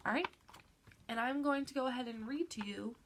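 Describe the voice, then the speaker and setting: A woman's voice: on the high side, fairly quick, a little hiss or hum. Stuffy-nosed woman teacher, patient and upbeat. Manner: patient, encouraging, frequent "all right" check-ins. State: stuffy nose from allergies. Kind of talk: remote reading lesson for children.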